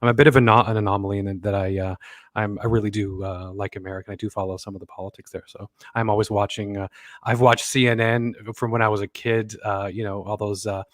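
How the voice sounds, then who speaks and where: A man's voice: on the low side, little pitch movement, fast talker, no echo. A man chatting on a panel, rambling with many fillers and restarts. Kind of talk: casual panel chat.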